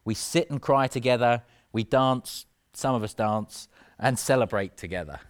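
A man's voice: medium pitch, normal speed, clear, resonant tone. A man preaching a sermon in an earnest, conversational way, with self-mocking asides.

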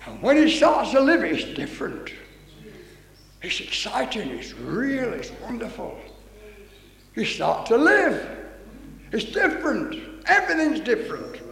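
An older man preaching a fervent Pentecostal sermon, reading scripture aloud and exclaiming with excitement. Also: high voice, measured pace, creaky, long pauses. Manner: fervent, exclaiming, breaks into song. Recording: echoey hall reverb.

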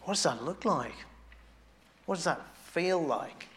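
A man preaching a sermon in a conversational way, restarting phrases as he thinks aloud and growing quiet and intimate on devotional points. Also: on the high side, lively intonation, measured pace, a little hiss or hum.

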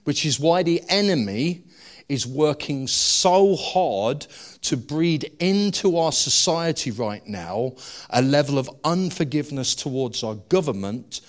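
A male preacher giving a sermon, telling stories with humorous asides. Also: mid-range voice. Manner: animated, humorous storytelling with asides.

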